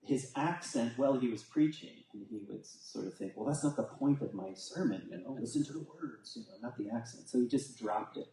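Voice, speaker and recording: A man's voice: mid-range voice, expressive, brisk, gravelly, hardly any pauses, warm tone. A man giving a rambling, casual talk to a congregation, with filler words and frequent restarts. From United States. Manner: casual, rambling storytelling with fillers and self-corrections. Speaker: teacher at a spiritual community. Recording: echoey hall, voice from far off.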